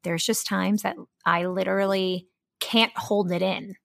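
Woman podcast co-host, casual chat, slightly gravelly voice, dry close sound. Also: medium pitch, steady tone, unhurried, dry recording. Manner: chatty, warm-hearted, rambling with fillers.

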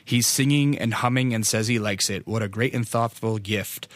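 A man's voice: on the low side, moderate pace, dry recording. A young American man hosting a podcast, talking casually and rambling with lots of fillers and swearing. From United States. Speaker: podcast host.

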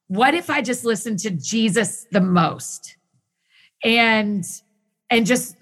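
A woman talking as a guest in a casual conversation, enthusiastic and quick in bursts, often restarting her sentences. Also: on the high side, fairly bright tone. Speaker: podcast guest who hosts her own show.

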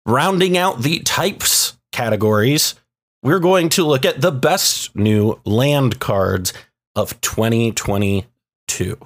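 A man hosting a card-game awards show, introducing presenters with halting, self-mocking asides. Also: medium pitch, animated. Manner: hesitant filler-heavy asides.

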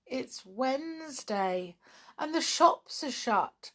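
A woman's voice: high-pitched, lively intonation, takes it slowly, pitched above the performer's own voice, exaggerated voice. A woman doing a chirpy boy toy. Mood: dismayed. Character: cheerful boy toy with a wide smile.

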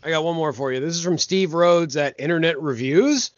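A man's voice: on the high side, a little fast, dry recording, muffled recording. A man co-hosting a casual movie podcast, reading aloud like a newscaster. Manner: reads aloud flatly like a newscaster. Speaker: podcast co-host.

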